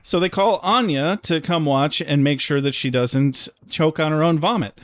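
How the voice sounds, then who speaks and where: A man's voice: fairly high pitch, moderate pace, no echo, clean studio sound. A man co-hosting a podcast, chatting casually about a TV episode, joking and swearing freely. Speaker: podcast co-host. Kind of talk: casual chat.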